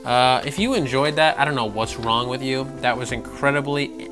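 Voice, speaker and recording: A man's voice: mid-range voice, normal speed. Sarcastic, profane man ranting about games. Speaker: gaming channel host. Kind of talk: ranting gaming news vlog. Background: background music.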